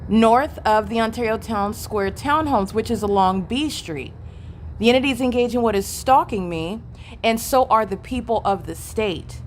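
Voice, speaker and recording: A woman's voice: mid-range voice, slight background noise. A woman filming outdoors on a street by parked cars on a handheld phone, giving agitated, accusatory running commentary and repeating phrases insistently. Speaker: vlogger filming in public.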